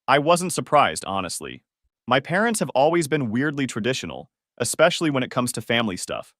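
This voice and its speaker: Male narrator, mid-pitched, animated delivery, wry and sarcastic, dry booth sound. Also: brisk, no echo. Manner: conversational with wry, sarcastic asides. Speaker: story narrator. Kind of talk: scripted first-person story narration.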